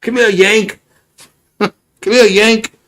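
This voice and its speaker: A man's voice: high voice, steady tone, extremely slow, darkish tone, voice pushed up. A man voicing a teasing British man who calls out to an American in a mocking sing-song.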